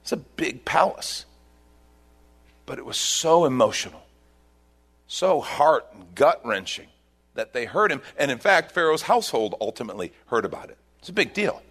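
A male pastor preaching a sermon, telling a scripture story with loud bursts and hushed asides. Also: medium pitch, normal speed, husky. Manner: animated storytelling, swings between loud bursts and hushed lines.

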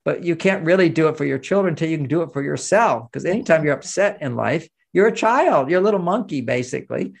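A man's voice: on the high side, fast, gravelly, few pauses, breathy edge. An older man, speaking as an interview guest and telling stories with acted-out quoted voices. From United States. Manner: animated storyteller, acts out quoted voices. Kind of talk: interview conversation.

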